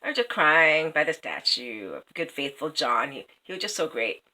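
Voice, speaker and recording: A woman's voice: sits low, big pitch swings, normal speed, pushed and bright, pitched below the performer's own voice, full character voice. A woman voicing an impulsive, emotional young king in a casual retelling. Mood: hushed.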